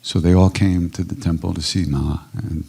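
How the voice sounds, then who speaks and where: At a live retreat in an ashram hall, an older man who teaches kirtan fields questions with warm, easygoing storytelling. He speaks at normal speed in a low voice with fairly even intonation, vocal fry and a breathy edge.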